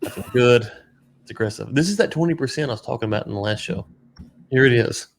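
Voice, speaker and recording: A man co-hosting a casual podcast, ranting in an animated, sarcastic way. His voice sits at an ordinary middle pitch, and his delivery keeps swinging between mockery and exasperation. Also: quick pace, creaky. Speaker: podcast co-host. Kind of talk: casual political chat.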